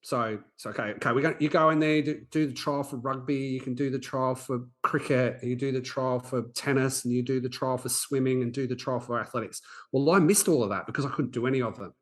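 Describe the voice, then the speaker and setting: A man in his forties, a podcast host, telling a personal story in an earnest, halting way with frequent restarts. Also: medium pitch. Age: 40s.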